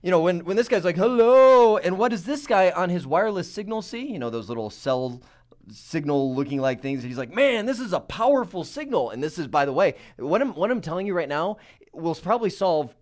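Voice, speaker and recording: A man teaching a technical course in a conversational, animated way, often checking in with "right?" and acting out his examples. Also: a little high, brisk. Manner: animated, acts out examples in voices; conversational, uses "right?" and "you know". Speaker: instructor. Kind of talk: technical lecture.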